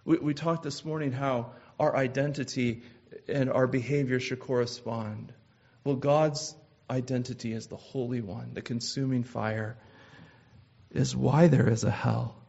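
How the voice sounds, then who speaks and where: A man's voice: mid-range voice, fairly even intonation, vocal fry, darkish tone, breathy edge. Earnest male preacher. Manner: measured, earnest delivery with frequent "uh" restarts. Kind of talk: sermon. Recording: slightly dull lo-fi sound.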